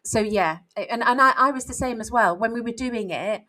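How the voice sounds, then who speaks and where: A woman's voice: on the high side, moderate pace, bright, forceful tone, poor audio. Woman, 40s, author co-host; candid, reflective podcast chat, lots of "you know"s.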